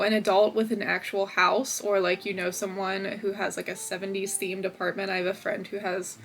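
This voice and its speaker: In this casual vlog chat, a young woman talks about crochet from her home office, keeping things upbeat and sprinkling in many filler words. Her voice is mid-range, with a slight hiss or hum on the recording.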